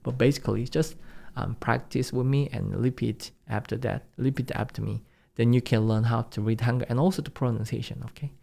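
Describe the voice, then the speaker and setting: A young Korean man teaching his native language in English with a Korean accent, drilling phrases at fast speed and insisting on serious practice. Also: mid-range voice, steady tone, gravelly, dark tone. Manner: drills phrases in rapid repetitions, earnest and insistent. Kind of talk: online language lesson.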